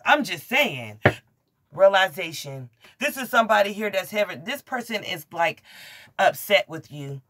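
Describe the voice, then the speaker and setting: A woman giving a casual tarot reading to camera, blunt and profane, excitable, often laughing and exclaiming. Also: mid-range voice, a little slow. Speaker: tarot reader.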